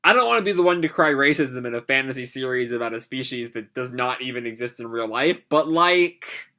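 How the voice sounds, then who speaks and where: A man's voice: mid-range voice, expressive, brisk, pushed and bright. A man giving a casual, rambling anime review, full of swearing and "like" and "um". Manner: rambling, profane, lots of likes and ums.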